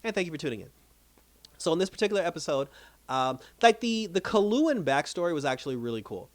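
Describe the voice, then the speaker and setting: A man casually recapping and reviewing a TV episode, telling it with lively reactions and laughing as he goes. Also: a little high, quick pace, dry recording. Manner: animated storytelling, laughs while retelling scenes.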